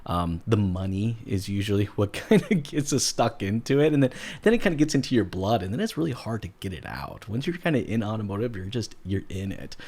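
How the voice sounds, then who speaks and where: A man's voice: on the low side, sing-song, fairly quick, hardly any pauses. A man hosting a podcast interview, upbeat and jokey, chatting casually with his guests. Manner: upbeat, jokey, loud greetings. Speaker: podcast host.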